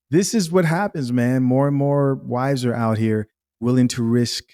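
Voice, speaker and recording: A man's voice: mid-range voice, unhurried, warm tone. A man giving blunt, judgmental reaction commentary on a clip, repeating words for emphasis.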